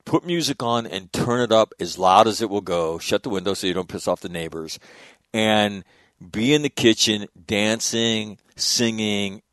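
A man in his fifties telling stories in a casual chat, animated and chuckling mid-sentence, his voice jumping up at the punchlines. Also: normal speed, no room sound, studio quality. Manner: animated storyteller, voice jumps high in punchlines.

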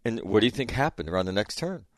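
A man's voice: fairly low pitch, big pitch swings, quick pace, no echo, clean studio sound. A middle-aged man telling a casual story as a host, rambling with many fillers and restarts. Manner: rambling, lots of fillers and restarts, laughs at own stories. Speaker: podcast host.

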